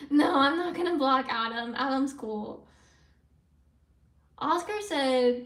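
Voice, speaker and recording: A woman with a high voice chats casually on her livestream, rambling along as she answers viewer comments aloud. She sits back from the microphone, so her voice sounds distant in a room with a noticeable echo. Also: slow, pauses often. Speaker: live streamer. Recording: roomy sound from away from the mic.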